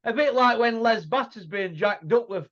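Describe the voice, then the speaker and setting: A man's voice: extremely high pitch, lively intonation, normal speed, fairly bright tone. A middle-aged man, hosting a casual boxing chat, blunt and mocking, full of rhetorical tag questions. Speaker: boxing pundit host. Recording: muffled lo-fi audio.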